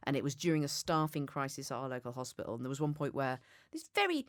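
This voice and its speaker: Animated woman telling stories frankly. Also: very deep voice, quick pace, no echo, studio quality. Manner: candid, self-deprecating, animated storytelling. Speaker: podcast guest. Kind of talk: casual conversation.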